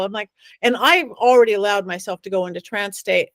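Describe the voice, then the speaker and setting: Middle-aged woman, interview guest, lively storyteller, slightly high voice, dry close sound. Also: no echo. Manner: acts out quoted voices, dramatic pauses. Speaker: psychic medium guest.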